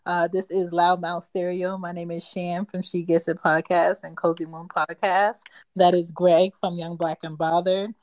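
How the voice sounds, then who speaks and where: A woman co-hosting a podcast, with a slightly low voice, tells animated stories and laughs often. The sound is dry and close. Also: moderate pace, hardly any pauses, dry recording. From moved to Atlanta as a teen. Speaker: podcast co-host. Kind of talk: casual chat.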